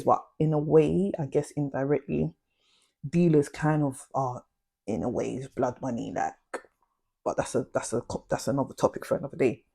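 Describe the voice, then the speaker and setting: Husky woman telling stories. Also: low voice, moderate pace, pauses often. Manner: animated, slangy, addresses viewers directly. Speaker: vlogger. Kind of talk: casual storytime monologue.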